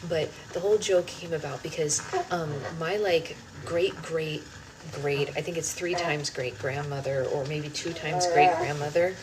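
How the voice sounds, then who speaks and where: A woman's voice: sits low, a little slow, a crowd in the background, low-quality recording. A young woman hosting a live book club stream from home, chatting casually and rambling between comments and her baby. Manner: chatty, rambling, talks in sing-song baby talk to her infant. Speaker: book club livestream host. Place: home kitchen. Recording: loud air-conditioning hum behind.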